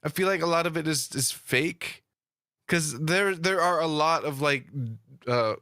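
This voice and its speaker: A man chatting on a podcast with a bright, forward voice. The sound is dry and close. He talks hesitantly and fills his sentences with fillers. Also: on the high side, measured pace, no echo. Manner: hesitant, filler-heavy, loose phrasing. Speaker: podcast co-host. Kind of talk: casual chat.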